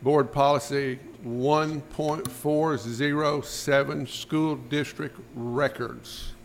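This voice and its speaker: Guy chairing a school board mtg, brisk formal roll thru motions, middle pitch. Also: steady tone, gravelly, slight background noise. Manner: brisk, routine, formulaic. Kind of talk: formal meeting procedure.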